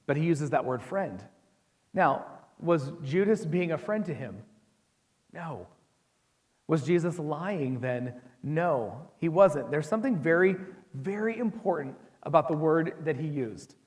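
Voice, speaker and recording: An American man preaching to his congregation in an easy, conversational way, often turning to ask them questions. His voice sits a little high for a man. The sound carries a long reverb from the church hall. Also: lively intonation, measured pace, darkish tone. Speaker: pastor. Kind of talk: sermon.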